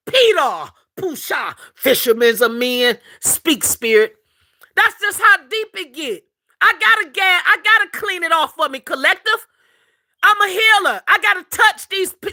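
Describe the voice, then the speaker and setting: A woman's voice: extremely high pitch, bright, forceful tone. A woman hosting a casual spiritual livestream, talking emphatically, repeating herself, laughing often and calling her listeners "collective".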